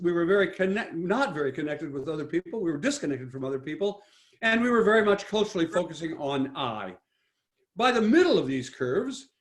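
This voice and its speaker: An older man giving a talk with slides, speaking emphatically with many restarts and self-corrections. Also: high voice. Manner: rambling, frequent restarts, emphatic. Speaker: guest speaker.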